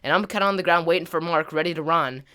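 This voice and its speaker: Talking fast in a clean, fairly high voice, this man recounts a rambling story over gameplay on his gaming channel. Fillers and mild slang run throughout, and his energy and volume surge as the story climaxes.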